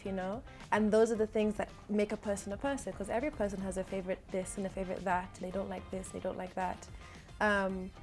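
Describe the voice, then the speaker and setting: Young woman, actress and model, casual interview chat, mid pitch, light music behind. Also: a little mellow. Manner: chatty, laughs often, light self-deprecating humour.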